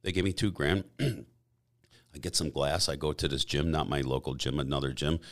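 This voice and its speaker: A middle-aged man telling stories as a podcast guest in a casual, rambling way, often clearing his throat. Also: extremely low pitch, fairly even intonation, normal speed, fairly bright tone. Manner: rambling, frequent throat clearing, acts out quoted dialogue. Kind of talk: casual storytelling.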